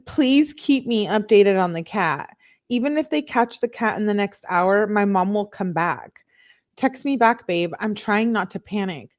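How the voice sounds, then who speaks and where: A woman hosting a casual live stream, reading text messages aloud and reacting as she goes, with frequent "like" fillers. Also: medium pitch.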